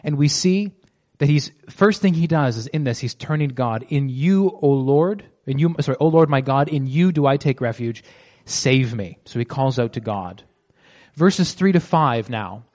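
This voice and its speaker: A man of middle pitch leads a Bible teaching. He reads the verses slowly and deliberately, then explains them in a loose, chatty way full of fillers and restarts. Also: lively intonation, darkish tone.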